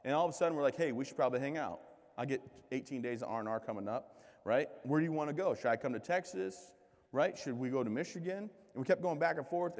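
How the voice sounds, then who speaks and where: Man telling joking stories in a hall. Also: medium pitch. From United States. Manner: joking, self-deprecating, lively quoted voices. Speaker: keynote speaker. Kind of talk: comedic storytelling speech. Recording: reverberant hall.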